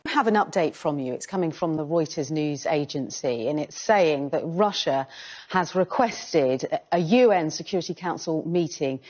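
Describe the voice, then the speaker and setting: A woman news presenter reading a brisk live update. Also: sits low, lively intonation, a little mellow. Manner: brisk, businesslike. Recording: dull broadcast sound.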